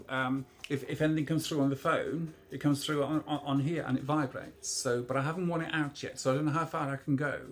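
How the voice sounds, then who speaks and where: A man in his fifties with a medium-pitched voice rambles through a casual vlog showing off a new gadget, hesitating and restarting often.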